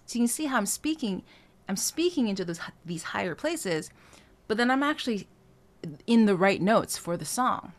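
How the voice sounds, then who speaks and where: A woman vocal coach explaining singing technique, talking through each point with filler sounds and quick checks with the listener. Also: medium pitch. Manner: talks through points with frequent "um" and checks of "right?".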